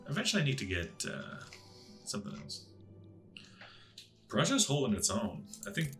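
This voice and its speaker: A man's voice: medium pitch, wildly swooping pitch, moderate pace, faint music behind. A man casually thinking aloud as he plays a strategy game, musing to himself as he clicks through menus. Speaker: gaming channel host.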